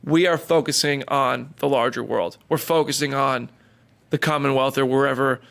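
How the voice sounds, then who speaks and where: A man's voice: medium pitch, steady tone, normal speed, creaky, fairly bright tone. A man co-hosting a podcast, chatting casually and telling stories, quoting people in put-on voices. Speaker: podcast co-host. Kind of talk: casual chat.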